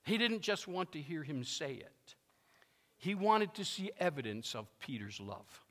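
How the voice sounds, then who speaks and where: A man's voice: a little high, very animated, measured pace, a bit bright. A male pastor preaching a sermon, emphatic and fond of repeating his phrases, with a long reverb from a large hall.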